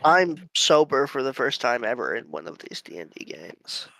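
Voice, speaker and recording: A man at a tabletop game who drops dry, matter-of-fact quips. His voice is bright and animated, recorded close with no room sound. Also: medium pitch, normal speed, creaky, no echo, poor audio. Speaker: player.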